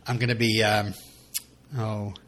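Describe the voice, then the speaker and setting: A man's voice: lowish voice, little pitch movement, measured pace, fairly bright tone. A young man talks through a podcast episode in a loose, rambling way. He keeps restarting his sentences and pokes fun at himself as he goes. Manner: rambling, self-mocking, full of fillers and restarts. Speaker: podcast co-host. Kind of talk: casual chat.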